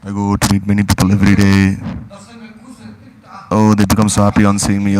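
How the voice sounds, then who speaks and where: A man's voice: fairly low pitch, completely flat delivery, fairly quick, pauses often, a little mellow, poor audio. A man giving a devotional discourse, pressing his listeners with repeated rhetorical questions. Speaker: spiritual teacher.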